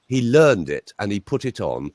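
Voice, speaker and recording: A man's voice: on the low side, big pitch swings, moderate pace, darkish tone, no room sound. A man, a voice coach telling chatty anecdotes as an interview guest. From England. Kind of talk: interview guest, conversational storytelling.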